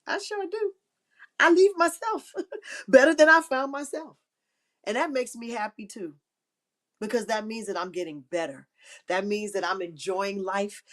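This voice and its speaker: A middle-aged woman hosting a faith-based live stream, giving heartfelt, encouraging talk that repeats key phrases and sits close to tears. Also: a little high. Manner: emotional, near tears. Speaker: livestream host.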